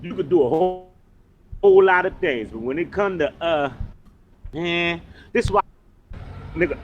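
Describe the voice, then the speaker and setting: Guy ranting and taunting someone on camera, loud and mocking, kinda high voice. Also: a little hiss or hum. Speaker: online commentator in a played clip. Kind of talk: confrontational video rant.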